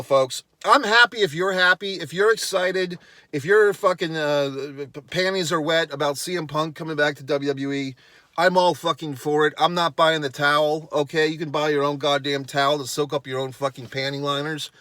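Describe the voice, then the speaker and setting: A man's voice: on the high side, steady tone, moderate pace, bright, forceful tone, no room sound. A man delivering a profane, sarcastic rant on his vlog, blunt and dismissive in tone. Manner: sarcastic, heavy swearing. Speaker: wrestling commentator.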